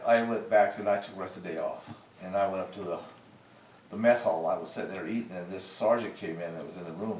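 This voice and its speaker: An older man, a military veteran, telling folksy stories from his service days in a casual interview. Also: low-pitched. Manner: folksy, animated when recounting arguments. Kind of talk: casual storytelling. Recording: roomy, distant mic with faint noise.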